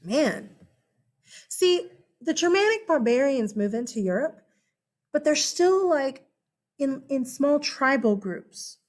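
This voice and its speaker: An American woman giving a casual, animated history lesson, chatty and full of asides and check-ins. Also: high-pitched, slow pace, long pauses. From United States. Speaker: history teacher. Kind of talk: casual classroom-style lecture.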